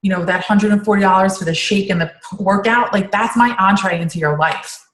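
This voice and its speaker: A woman's voice: mid-range voice, brisk, roomy sound, a little hiss or hum, poor audio. A woman coach on a team call, talking casually and rambling with many fillers and restarts.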